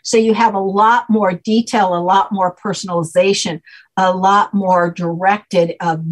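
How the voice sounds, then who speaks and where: Podcast guest: woman, husky, mid-pitched, patient step-by-step explainer. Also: fairly even intonation, a little slow, rough recording. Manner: patient, explains step by step with frequent "okay?" checks. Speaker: guest, name expert.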